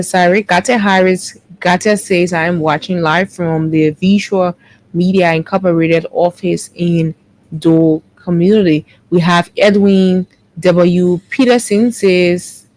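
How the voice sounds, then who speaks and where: A woman, co-hosting a morning show and briskly reading out viewer comments, correcting herself as she goes. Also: lowish voice, darkish tone, low-quality recording. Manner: brisk, with quick self-corrections.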